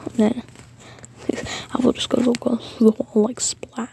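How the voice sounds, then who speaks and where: A woman's voice: fairly high pitch, flat delivery, normal speed, vocal fry. A woman whispering a rambling story, with frequent fillers and restarts.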